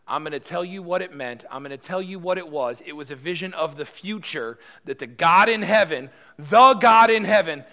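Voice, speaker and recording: Brief: man doing humble earnest prophet, raised and bright. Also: medium pitch, a little slow, few pauses. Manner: earnest, emphatic.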